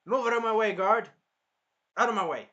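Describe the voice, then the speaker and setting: A man's voice: high-pitched, lively intonation, takes it slowly, muffled recording, pitched above the performer's own voice, heavily acted. A man acting out an angry, betrayed young male hero in exasperated outbursts during a casual recap. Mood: furious.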